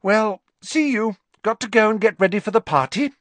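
Man reader playing clever teen girl, high, pointedly sweet, dry close mic. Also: moderate pace, dry recording, close to an everyday voice. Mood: sweetly smug. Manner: bright, pointedly sweet delivery. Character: teenage girl, brainy, sweetly smug.

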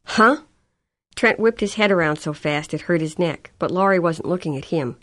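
This woman's low-sitting voice carries a scripted novel reading. As an audiobook narrator, she keeps her storytelling steady and measured.

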